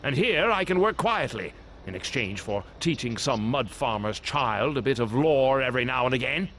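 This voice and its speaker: An actor voicing an aloof, grumpy older village wizard in a video game, dry and condescending. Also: male voice, medium pitch, animated, moderate pace, fairly bright tone, slight background noise, close to an everyday voice. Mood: disdainful.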